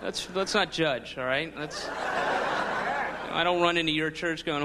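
A man's voice: a little high, unhurried. A man doing a stand-up routine on a club stage, rambling with wry laughing asides. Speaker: stand-up comedian. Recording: live club with crowd and noise.

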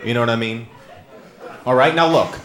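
A man doing a stand-up comedy set, talking conversationally to the crowd and breaking into loud sung and shouted bits. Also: mid-range voice, normal speed. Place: live comedy stage before an audience. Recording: roomy hall with audible ambience.

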